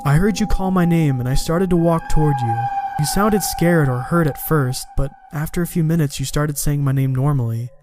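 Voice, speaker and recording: A man's voice: on the high side, moderate pace, hardly any pauses, over music, natural voice. A man voicing his shaken young friend, who explains in a rush what he heard.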